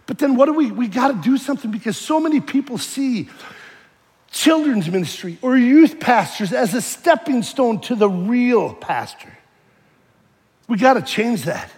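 A man preaching a sermon, lively and joking, swinging between shouting and hushed earnest lines. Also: very high-pitched, normal speed, big-room sound.

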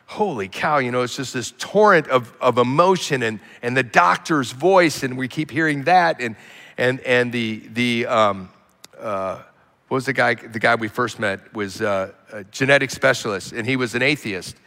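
A man preaching a sermon as a pastor, telling stories with animated emphasis and quiet asides. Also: medium pitch, moderate pace. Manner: animated storytelling, swinging between loud emphasis and quiet asides. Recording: long hall reverb.

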